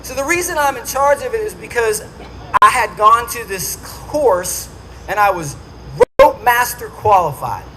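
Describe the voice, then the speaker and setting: Animated high-voiced man telling a war story. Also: slight background noise, poor audio. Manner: animated storyteller who acts out quotes. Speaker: speaker at a charity dinner. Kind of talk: storytelling speech to a dinner audience. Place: dinner venue with an audience.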